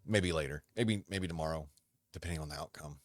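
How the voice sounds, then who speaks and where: A man in his forties hosting a podcast, chatting casually on his own in a rambling, halting way with many restarts. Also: a bass voice, dry recording. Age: 40s. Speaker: podcast host. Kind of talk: casual solo chat.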